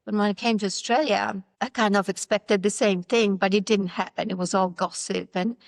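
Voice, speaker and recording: A middle-aged woman from Poland with a Polish accent, a native Polish speaker telling her life story in an interview, animated and acting out quoted voices. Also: medium pitch, moderate pace, vocal fry, dry recording. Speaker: interview guest. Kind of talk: personal story in a sit-down interview.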